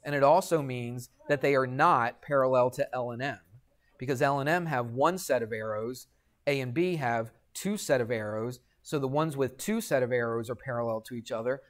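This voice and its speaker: A man's voice: mid-range voice, moderate pace. Man teaching a geometry class. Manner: asks the class questions and answers them himself; jokey asides. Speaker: high school math teacher. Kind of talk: classroom lecture.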